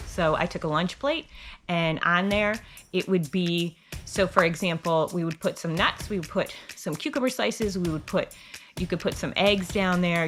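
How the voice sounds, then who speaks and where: A woman's voice: lowish voice, a bit bright. A middle-aged woman hosting a homeschool channel, giving casual advice in a chatty, rambling way with frequent restarts. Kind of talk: casual advice talk to camera.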